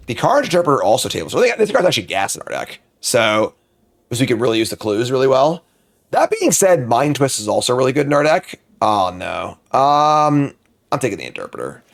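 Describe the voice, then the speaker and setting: Weighing each pick in a card game draft he's streaming, a man with a medium-pitched, sing-song voice mutters and thinks aloud to himself, casually, occasionally snapping in frustration.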